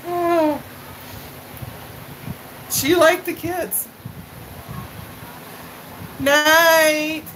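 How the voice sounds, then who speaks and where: On a rough recording with slight hiss or hum, a middle-aged woman chats casually to her live viewers. Her fairly bright, higher voice unfolds slow, rambling anecdotes peppered with fillers and laughs, and she talks back to comments as they come in.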